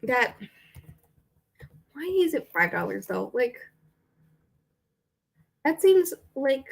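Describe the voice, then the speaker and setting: A young woman talks casually about her week, rambling and chatty with plenty of fillers. Her voice sits a little above average in pitch, and she sounds easygoing. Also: sing-song, slow, gravelly. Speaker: book vlogger. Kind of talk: casual chat.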